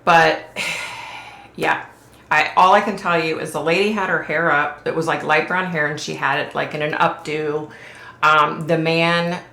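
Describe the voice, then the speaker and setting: A woman's voice: deep voice, steady tone, a little slow, creaky, pushed and bright. A woman vlogger recounting a psychic vision in a casual, rambling way, often saying "like" and checking in with "okay?". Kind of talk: casual storytelling to camera. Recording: roomy echo.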